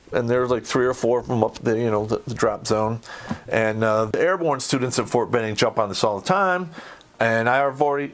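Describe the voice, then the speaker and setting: A middle-aged American man spins a foul-mouthed yarn in blunt, casual talk. His voice sits at an ordinary pitch for a man, and it jumps up loud and animated whenever he acts out the scene. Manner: blunt, swearing, animated when reenacting. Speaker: podcast host. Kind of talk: profane storytelling.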